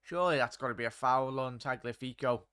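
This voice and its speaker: A fast-talking young man with a medium-pitched, slightly bright, clean voice hosts a live match watchalong. He chats to viewers, reads chat aloud and commentates casually with a laddish, chatty manner; the recording is dry and studio quality.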